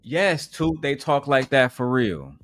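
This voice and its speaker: A man's voice: mid-range voice, sing-song, slow pace, fairly bright tone, soft background music. A man hosting a reaction livestream, talking in a blunt, profane, ranting way. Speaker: livestream host. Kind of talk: casual reaction stream chat.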